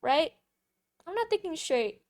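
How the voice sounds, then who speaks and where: A young woman vlogger telling a casual story, chatty and playful, swearing freely with quick asides. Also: very high-pitched, sing-song, no room sound, clean studio sound.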